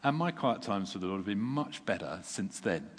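A man preaching a sermon in a relaxed, conversational way, self-deprecating and chuckling now and then, sounding tired. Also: fairly low pitch, normal speed, breathy edge. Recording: long reverb from a large hall.

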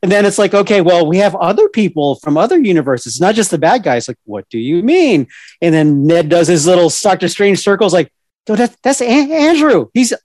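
A man co-hosting a casual podcast chat, excitable and full of stumbling restarts. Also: high-pitched, brisk, no room sound. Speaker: podcast co-host.

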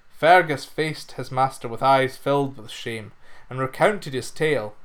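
A man narrating a folk fairy tale in an expressive storytelling manner. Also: medium pitch, normal speed.

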